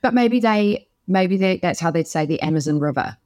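A woman's voice: fairly low pitch, expressive, moderate pace, a little mellow, dry recording. Woman, podcast co-host, enthusiastic rambling chat, dry close recording. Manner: enthusiastic, rambling, many fillers. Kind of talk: casual chat.

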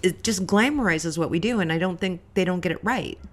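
A woman's voice: on the low side, brisk. A woman who works as a chef, co-hosting a podcast in casual, rambling chat with lots of restarts. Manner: rambling, self-deprecating, many restarts.

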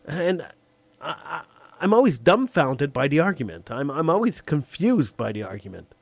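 Opinionated male talk-show host, lively swooping delivery, slightly high, often stuck on repeated words, dry close sound. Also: gravelly, no echo. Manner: acts out imagined callers in quick back-and-forth. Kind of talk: call-in radio talk monologue.

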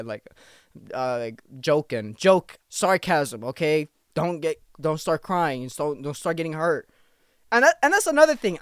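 A man in his early twenties rambles through a solo podcast in loose slang, swearing and joking as he goes. His voice is smooth and resonant, recorded close and dry. He sounds tired, as if short on sleep. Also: high-pitched, dry recording. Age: 20s. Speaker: podcast host. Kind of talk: casual podcast monologue.

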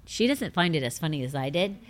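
Very animated and fast, a middle-aged show host rambles through self-deprecating stories in a bubbly, casual way. She keeps bursting into high-pitched fits of laughter.

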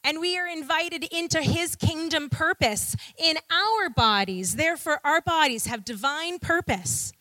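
A woman's voice: high-pitched, unhurried, few pauses, bright, forceful tone, dry recording. A woman preaching a sermon to a congregation, with rhetorical questions and call-and-response.

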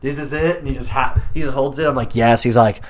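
A young man co-hosting a podcast rattles through a story, swearing and playing each person in it. His voice sits at an everyday male pitch. He keeps the casual chat moving. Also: quick pace. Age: 20s. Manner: animated storyteller, swears, acts out both sides. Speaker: podcast co-host.

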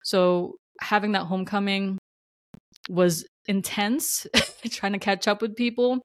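A woman's voice: medium pitch, fairly even intonation, slow, no echo. A woman from New Jersey hosting her own podcast, reflecting in a casual, rambling way with frequent laughs. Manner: chatty and warm-hearted, laughs often, loose filler-heavy rambling. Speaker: podcast host.

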